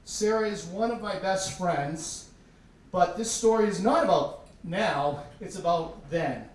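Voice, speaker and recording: A man's voice: high voice, measured pace. A man telling a humorous, self-deprecating story live to an audience in a tavern. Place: tavern stage. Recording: echoey room from far off, faint background noise.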